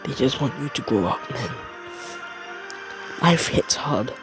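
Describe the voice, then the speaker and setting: Man playing a loyal teen boy best friend, earnest, consoling, slow, faint music behind. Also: mid-range voice, lively intonation.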